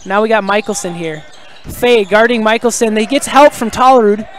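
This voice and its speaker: A man doing live play-by-play of a high school basketball game from the gym, excitable and shouting on big plays, with casual chatty asides. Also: normal speed.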